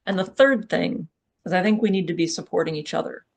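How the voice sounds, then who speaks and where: A speaker at a live workshop talks in a direct, urging way and keeps checking in with the listeners. The voice sits at a middle pitch and has a gravelly, fry-edged texture. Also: fairly quick. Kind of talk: live public talk.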